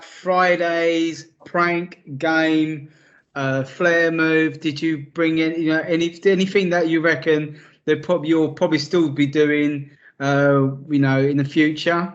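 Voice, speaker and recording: A man hosting an interview, asking questions eagerly with lots of fillers and laughter. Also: fairly high pitch. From United Kingdom. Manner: enthusiastic, laughs a lot, filler-heavy questions. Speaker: interviewer, host. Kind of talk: casual interview. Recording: dull lo-fi audio.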